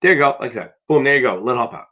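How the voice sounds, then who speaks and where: A man's voice: mid-range voice, expressive, racing, bright, forceful tone. A man tutoring for a finance licensing exam on a live question-and-answer stream, talking bluntly and emphatically and swearing for emphasis.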